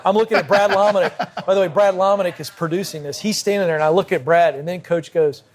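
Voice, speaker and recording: A man, a podcast guest, telling a vivid personal anecdote in brisk conversational style at a cigar lounge. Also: high voice. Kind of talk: animated storytelling in conversation. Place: cigar lounge with a group present.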